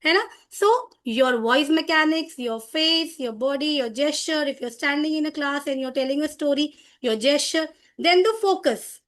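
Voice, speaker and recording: A middle-aged woman with a high voice leads a teacher training session, explaining in an animated, demonstrative way. She often restarts her sentences and speaks at a moderate pace with hardly any pauses.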